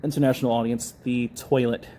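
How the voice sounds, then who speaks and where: A man's voice: medium pitch, flat delivery, a little fast, heavy background noise. A man casually chatting on a live stream, thanking viewers, reading their comments aloud and laughing often. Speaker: livestream host. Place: indoors, public building.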